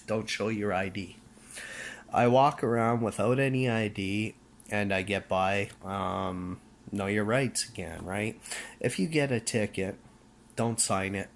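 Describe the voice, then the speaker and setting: A Canadian vlogger with a fairly low voice rants to camera a little slowly, with some hiss or hum in the audio. Fiery and preachy, he speaks emphatically, restarts his words, and keeps checking in with "okay?"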